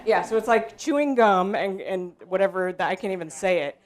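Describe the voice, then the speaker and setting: A woman leading an improv workshop, explaining to a group in a relaxed way, with frequent ums. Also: mid-range voice, brisk. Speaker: workshop leader. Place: room with a group.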